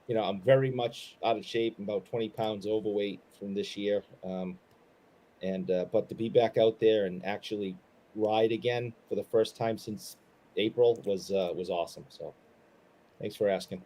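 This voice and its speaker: A man co-hosting a casual live stream, telling stories in a relaxed, rambling way with many fillers and pauses. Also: lowish voice. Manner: easygoing, rambling with fillers, earnest. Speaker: co-host.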